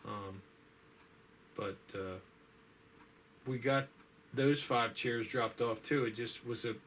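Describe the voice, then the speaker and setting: A man's voice: medium pitch, takes it slowly, fairly bright tone, slight background noise. A man chatting casually to his viewers in a folksy, rambling way, tired and yawning, with lots of fillers and sighs. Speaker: vlogger. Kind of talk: casual chat.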